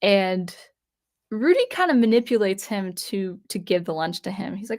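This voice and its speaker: A woman's voice: mid-range voice, lively intonation, moderate pace, a little mellow. A woman giving a casual, unscripted comic book review, retelling the plot in a chatty way with frequent restarts.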